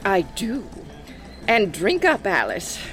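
A woman's voice: mid-range voice, wildly swooping pitch, takes it slowly, a bit bright, soft background music, heavily acted. A woman reading an audiobook in the role of a wry, prim amateur lady detective. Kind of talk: audiobook narration with voices.

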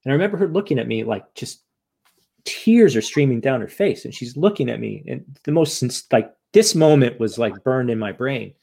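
A man's voice: medium pitch, animated, moderate pace, gravelly, dark tone, husky. A man from the United States, a guest and author, talking frankly and emotionally in an interview, swearing now and then and often restarting his sentences. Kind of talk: candid interview conversation.

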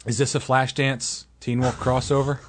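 A man's voice: mid-range voice, level tone, normal speed, slight background noise. A man co-hosting a casual movie-review podcast, joking, rambling and laughing often. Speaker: podcast co-host.

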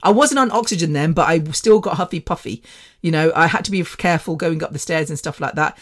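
A woman's voice: low-pitched, quick pace. A woman in her fifties hosting a podcast, telling a story in a rambling, chatty way with frequent laughter and the odd swear word. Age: 50s. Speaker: podcast host. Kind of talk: casual storytelling.

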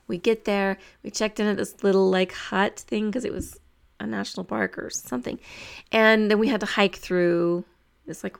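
Young woman, gravelly voice, casual storytelling, chatty, many fillers and restarts. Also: mid-range voice. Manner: chatty, lots of fillers and restarts, animated retelling.

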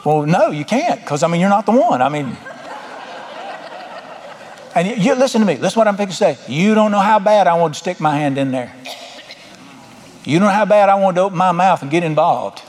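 A man's voice: high-pitched, expressive, brisk, pauses often, slight background noise. A middle-aged man preaching a sermon as pastor, folksy, with emphatic bursts. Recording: long hall reverb.

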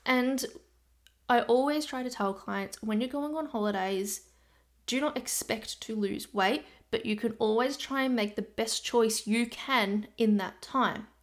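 A woman nutrition coach from Australia talking casually on her solo podcast, chatty and direct, slipping into quick asides in her clients' voices. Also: fairly high pitch.

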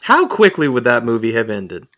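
A man's voice: medium pitch, sing-song, normal speed, fairly bright tone. A man co-hosting a podcast, rambling and joking crudely in casual banter.

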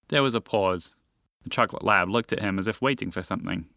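A man hosting a story podcast, reading scripted storytelling narration in a friendly, expressive way. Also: lowish voice, fairly quick, no room sound, studio quality.

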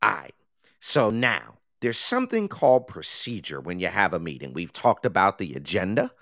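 A man's voice: deep voice, sing-song, moderate pace, fairly bright tone, no echo, clean studio sound. A man co-hosting a political talk show, explaining meeting rules in an emphatic, lecturing way. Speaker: co-host. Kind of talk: political commentary chat.

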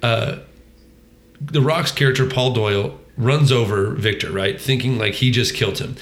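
A man's voice: medium pitch, normal speed, reverberant. A man co-hosting a casual movie review podcast, rambling with frequent ums, restarts and swearing. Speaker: podcast co-host.

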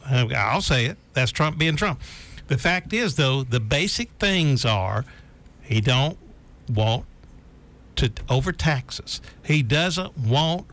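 A man's voice: medium pitch, animated, a bit bright. A man chatting casually about politics on a talk show, folksy and repetitive, often drawing out his words. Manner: folksy, repeats himself, drawn-out phrasing.

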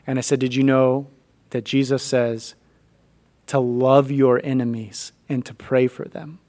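A man's voice: medium pitch, a little slow. A man in his thirties telling a family story in a faith conversation, acting out the voices in it. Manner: animated storyteller acting out dialogue.

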